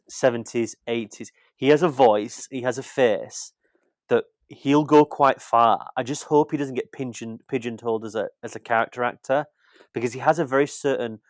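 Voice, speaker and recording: A British man with a middle pitch in a relaxed podcast chat about film. He rambles and repeats words as he thinks aloud. The sound is close and dry, with no room around it. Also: dry recording. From Britain. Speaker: podcast co-host, film critic. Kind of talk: casual chat.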